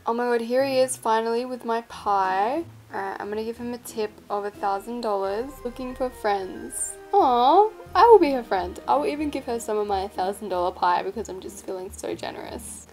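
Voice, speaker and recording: A woman's voice: on the high side, a little fast, hardly any pauses, darkish tone. A young woman giving chatty, playful, self-mocking commentary while playing a game, with faint music behind her. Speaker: gaming vlogger. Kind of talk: casual gameplay commentary.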